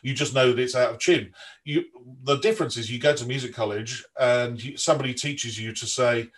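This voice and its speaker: A man's voice: mid-range voice, a little fast. A man hosting a podcast interview, chatting in a rambling way with frequent restarts. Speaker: podcast host. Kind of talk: casual interview chat.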